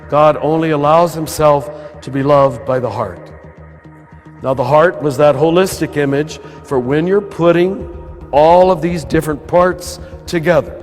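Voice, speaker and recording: Throaty older American priest in a hall. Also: male voice, medium pitch. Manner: earnest, conversational, chuckling now and then. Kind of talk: spiritual talk to a live audience. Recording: live talk with long hall reverb and soft music behind. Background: soft lo-fi music.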